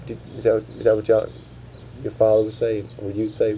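A man interviewing, asking grammar questions in a halting way, restarting often. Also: on the low side, monotone, husky. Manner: halting, restarts, slow quoted prompts. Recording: dull lo-fi tape with faint hiss.

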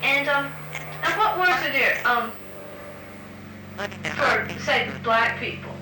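A woman's voice: high-pitched, expressive, slow pace. A woman interviewer asking prompt questions patiently, with frequent ums. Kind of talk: structured question-and-answer interview. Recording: roomy recording with background hiss.

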